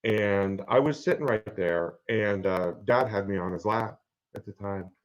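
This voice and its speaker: Halting man in his fifties, low voice. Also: rough recording. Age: 50s. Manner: halting, earnest, pauses with many fillers. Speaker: guest sharing his story. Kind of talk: personal storytelling.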